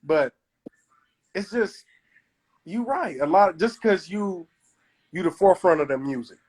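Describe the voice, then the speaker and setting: Husky man chatting casually. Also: high-pitched, animated, a little mellow. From Kansas City. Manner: storytelling, does quick voices of others. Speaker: comedian hosting a live stream. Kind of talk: casual chat.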